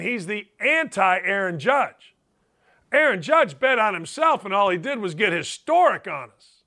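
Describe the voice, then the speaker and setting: A man hosting a sports talk show, arguing his case in an emphatic monologue. His voice sits high and bright. His pitch swings widely as he presses each point. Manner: emphatic, argumentative, mock-quotes critics in a higher voice. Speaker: sports radio host.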